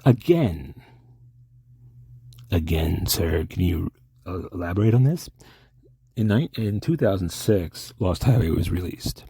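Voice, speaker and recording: Brief: a rambling, mock-formal man in a comedy sketch. Gravelly and slow-paced. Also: low voice, lively intonation, mellow, no echo, clean studio sound.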